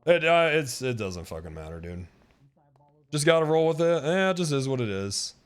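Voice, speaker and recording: A man's voice: a little high, sing-song, moderate pace. A male streamer ranting to his chat, heated and profane, repeating himself as he talks. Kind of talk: live-stream rant to chat.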